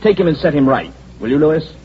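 An actor playing a smooth, scheming male company president who mocks those around him, in 1940s radio acting on a dull lo-fi old radio recording. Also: fairly high pitch, lively intonation, quick pace, a little hiss or hum, close to an everyday voice. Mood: suave. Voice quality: suave, sneering, condescending. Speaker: corporate president.

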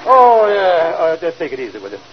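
An actor playing a scheming, smooth-talking con man in a radio comedy, bluffing with mangled grammar. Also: on the high side, sing-song, fairly quick, dull audio. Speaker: comic lead. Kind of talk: 1940s radio comedy acting. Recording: old radio broadcast, hiss, loud audience laughter.

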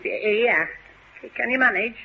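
Alfie, a stammering timid lad. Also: male voice, very high-pitched, slow, creaky, exaggerated voice. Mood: nervous. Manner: nervous stammer. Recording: dull, noisy old radio recording.

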